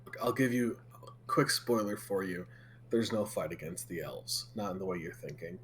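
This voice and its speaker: A man's voice: deep voice, normal speed, a bit bright, slight background noise. A man playing in a tabletop game, talking in a wry, cocky way. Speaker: player.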